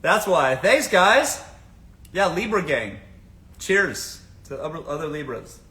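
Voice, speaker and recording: Blunt, bright-voiced man on a livestream. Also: on the high side, big pitch swings, takes it slowly. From American South. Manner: blunt, swears freely, asks the audience rhetorical questions. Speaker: livestream host giving dating advice. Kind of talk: casual livestream chat.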